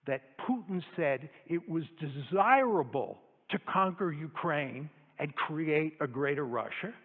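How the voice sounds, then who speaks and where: A man delivers a public lecture, pressing his argument emphatically and repeating key points for weight. His voice sits a little high for a man. The sound is thin and phone-like, with the long echo of a large hall. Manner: emphatic and argumentative, hammering points through repetition. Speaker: lecturer addressing an audience. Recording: echoey hall over a tinny phone-like line.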